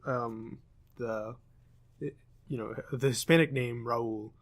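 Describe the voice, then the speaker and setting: A man's voice: medium pitch, steady tone, takes it slowly. A young man co-hosting a podcast, explaining things in a hesitant, casual way with many fillers. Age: young adult. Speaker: podcast co-host. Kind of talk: casual chat.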